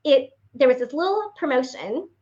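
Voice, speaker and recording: A woman giving a personal faith testimony as a motivational speaker. She tells her story in an animated way and speaks earnestly and directly to her listeners. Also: high voice, moderate pace. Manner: animated storyteller acting out remembered dialogue. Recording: dull lo-fi recording.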